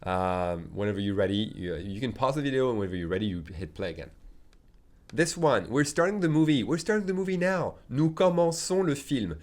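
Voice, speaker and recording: Native French-speaking male teacher, lowish voice, patient step-by-step lesson delivery with slow repetitions. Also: big pitch swings. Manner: patient, repeats phrases slowly for learners. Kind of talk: video language lesson.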